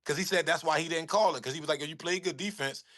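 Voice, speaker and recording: A man who is a guest on a casual interview, telling stories in animated street slang. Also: on the high side, quick pace.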